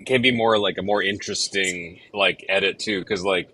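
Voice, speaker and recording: Man, lowish voice, bright and forceful tone, casual songwriting chat, rambling with fillers. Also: steady tone, normal speed, a little hiss or hum, rough recording. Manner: rambling, lots of fillers and restarts. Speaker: songwriter and show host.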